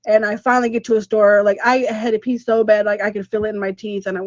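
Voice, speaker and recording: A woman on a podcast, telling a story in an animated, emphatic way and laughing as she goes. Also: mid-range voice, fast, no echo. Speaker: podcast co-host. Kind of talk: casual storytelling chat. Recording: dull, slightly muffled podcast audio.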